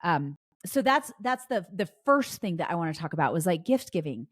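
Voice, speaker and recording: A woman's voice: lowish voice, very animated, fairly quick, breathy edge, dry recording. A woman hosting a podcast, chatting casually through a story with frequent restarts and fillers. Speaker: podcast host.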